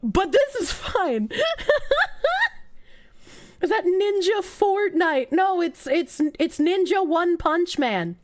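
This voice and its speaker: A woman's voice: very high-pitched, expressive, slow pace, few pauses, a little mellow. A woman streaming live, reacting in a sarcastic, incredulous and profane way with frequent laughs. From United States. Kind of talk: casual livestream reaction.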